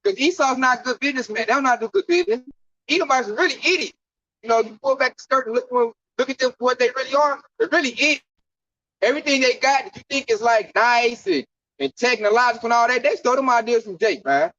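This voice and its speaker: A man's voice: very high voice, fast talker, bright, forceful tone, dry recording. A man preaching and teaching scripture at an outdoor camp gathering in a fiery, slangy, preachy way. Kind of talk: street sermon teaching. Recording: dull lo-fi dry recording.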